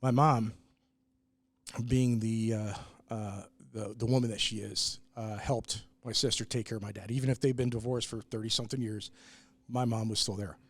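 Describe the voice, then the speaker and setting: A man's voice: on the low side, fairly even intonation, normal speed, no room sound. A man in casual podcast chat, telling a personal family story candidly, with restarts and the odd swear word. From New York, US. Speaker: brewery owner, guest.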